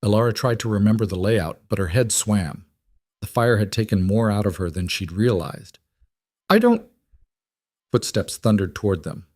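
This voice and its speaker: A man narrating a fantasy romance audiobook in a steady storytelling way. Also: lowish voice, moderate pace, no echo, clean studio sound.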